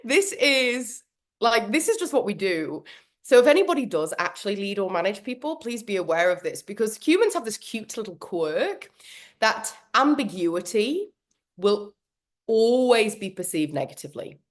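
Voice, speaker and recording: A woman leading an online workshop on a video call, animated and quick to laugh, often acting out what goes on in people's heads. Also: medium pitch. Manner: animated, laughs often, acts out inner voices. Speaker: workshop trainer. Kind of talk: live online workshop talk.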